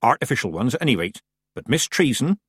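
A man voicing a stern, sharp-tongued old witch woman in an audiobook, curt and commanding. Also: mid-range voice, very animated, fast talker, breathy edge, no room sound, clean studio sound, heavily acted. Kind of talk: audiobook character voice.

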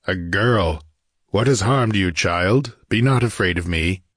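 A man voicing a grim wandering swordsman who speaks softly and slowly. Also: deep voice, dry recording, studio quality. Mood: gentle. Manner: soft, soothing, muttered. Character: grim wandering swordsman, gentle yet cold.

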